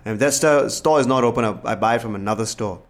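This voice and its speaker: A man's voice: mid-range voice, fast talker. A man in a casual podcast chat, talking animatedly, swearing often and acting out other people's voices.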